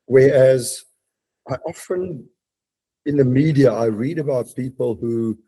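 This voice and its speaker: A man's voice: medium pitch, a little slow, mellow, husky. A man, a podcast guest talking reflectively from his home study, with frequent restarts. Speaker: guest, mountaineer and business leader. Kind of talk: casual podcast interview.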